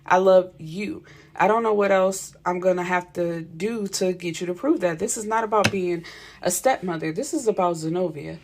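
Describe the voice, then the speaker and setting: A woman's voice: fairly low pitch, moderate pace, slight background noise, lightly acted. A woman voicing a brash young man who talks in slang and curses freely. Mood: pleading. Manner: slangy, cursing, boastful.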